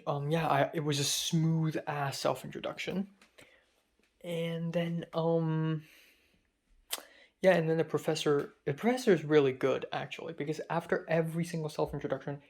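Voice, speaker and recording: A man's voice: a little high, fairly even intonation, normal speed, gravelly, a little mellow. Chatty young man rambling. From Hong Kong. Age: young adult. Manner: chatty, self-deprecating, rambling asides. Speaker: film student vlogger. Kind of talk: casual storytelling monologue.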